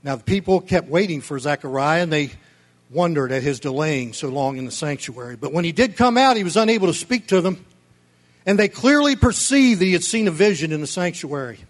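A man preaching a sermon as pastor, fervent and emphatic, rising to near-shouting, with folksy asides and chuckles. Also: on the high side, animated, a little fast.

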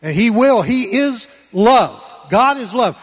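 A man preaching a Sunday sermon in church, folksy and conversational, swinging between loud emphatic lines and quiet low asides. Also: lively intonation, slow, husky, long reverb tail. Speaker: pastor.

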